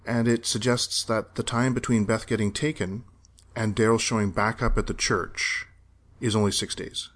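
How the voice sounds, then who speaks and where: Man, lowish voice, casual podcast chat, rambling, keeps correcting himself. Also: fairly even intonation, moderate pace, a bit bright. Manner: rambling, self-correcting, detail-focused. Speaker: podcast co-host reviewing a TV series.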